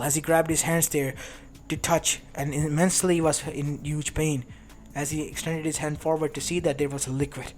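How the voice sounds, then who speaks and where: A man narrating a fan fiction story, stumbling and restarting now and then. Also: a little high. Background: lo-fi background music.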